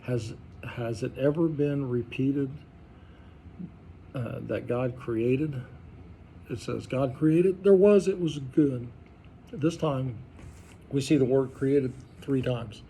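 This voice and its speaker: A pastor leading an informal Bible study, talking conversationally and quizzing the group with questions. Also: male voice, mid-range voice, takes it slowly, pauses often, dark tone, slight background noise. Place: church study group room.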